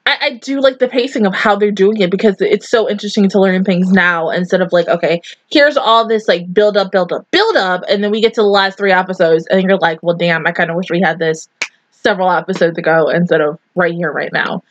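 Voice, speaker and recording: A woman giving casual anime reaction commentary, with loud disbelieving outbursts, swearing and laughter. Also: medium pitch, a little fast, few pauses, no echo, lo-fi sound.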